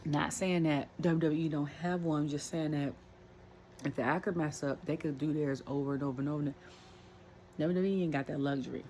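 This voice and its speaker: Brief: woman, low voice, rambling wrestling rant, faint room hiss. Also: steady tone, fairly quick, a little mellow. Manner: rambling, chatty, many fillers and asides. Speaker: wrestling commentary vlogger. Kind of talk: casual rant.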